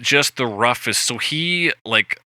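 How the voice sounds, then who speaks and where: A man co-hosting a podcast, casually recapping a film with animated retellings and lots of swearing. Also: mid-range voice, takes it slowly, no echo. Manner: animated retelling, acts out quoted lines, swears freely. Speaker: podcast co-host.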